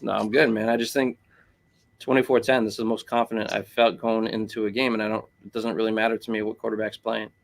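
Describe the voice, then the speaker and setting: A man's voice: on the low side, flat delivery, fast, gravelly. A man co-hosting a casual sports chat, rambling and filling his talk with "like" and "bro". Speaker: podcast co-host.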